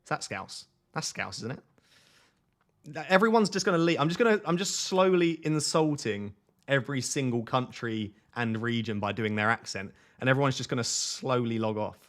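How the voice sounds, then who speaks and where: A man's voice: medium pitch, lively intonation, normal speed, a bit bright. A man hosting a live fantasy football stream from home at night, reading chat aloud in a jokey, self-mocking way.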